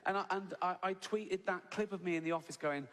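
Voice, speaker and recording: A man's voice: high voice, brisk, fairly bright tone. A man performing stand-up comedy on a theatre stage, talking conversationally and asking "right?" at the end of his lines. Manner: conversational, asks "right?" constantly. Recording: live theatre reverb, audience noise.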